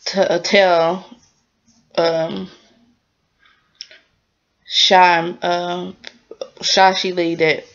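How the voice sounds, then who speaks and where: A woman casually recapping a drama episode in a rambling, chatty way, full of fillers and lively exclamations. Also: on the low side, drawn-out words, long pauses, dull audio.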